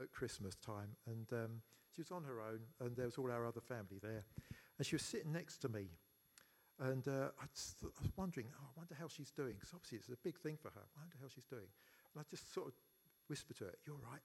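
Man, funeral eulogy, halting anecdotal delivery, frequent ums and restarts. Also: medium pitch, expressive. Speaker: eulogy speaker, brother of the deceased.

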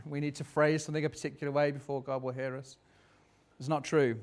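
A man's voice: a little high, flat delivery, quick pace. A man preaching a sermon in a reflective, conversational way, turning dramatic when he reads scripture.

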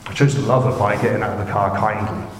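Chatty preacher in an echoey hall. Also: male voice, fairly low pitch, fast talker. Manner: chatty, conversational, asks the congregation questions. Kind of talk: informal sermon. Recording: echoey hall with background noise.

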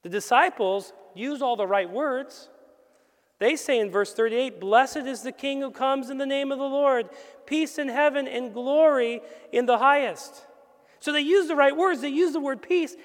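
High-voiced man preaching in a reverberant hall. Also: moderate pace. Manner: earnest preaching, rhetorical questions, acts out quoted voices. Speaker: pastor. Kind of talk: sermon. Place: church sanctuary.

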